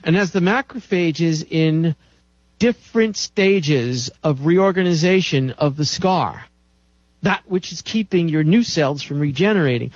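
A man's voice: on the high side, no room sound. A man giving an impassioned health lecture in a preachy, emphatic way, chanting repeated lists. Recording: dull dry recording.

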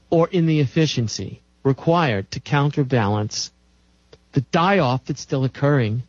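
Preachy guy lecturing on health, slow and swooping, chants lists, dull dry sound. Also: a little high, no room sound.

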